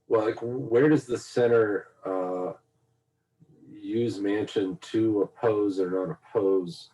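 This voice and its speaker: A man co-hosting a casual political podcast, asking slow, hesitant, searching questions. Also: fairly low pitch, warm tone, recorded from a distance, rough recording.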